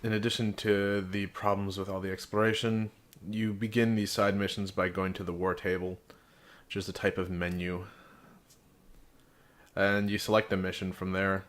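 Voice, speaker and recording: A man with a notably deep voice talks through a video game review in a casual way. He is frank and sarcastic, and he slips in dry jokes. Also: little pitch movement, normal speed, fairly bright tone.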